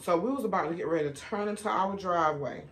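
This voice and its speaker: A woman vlogger telling stories while she eats, chatty and animated, calling her viewers y'all, baby and honey. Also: quick pace. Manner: animated, with sudden rises in pitch and loudness. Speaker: mukbang vlogger. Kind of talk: casual storytime while eating.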